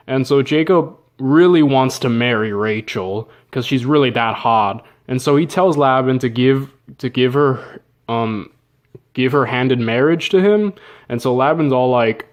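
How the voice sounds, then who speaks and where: A narrator with an expressive mid-range voice casually retells an old story, unhurried, full of jokes, slang, asides, fillers and laughs.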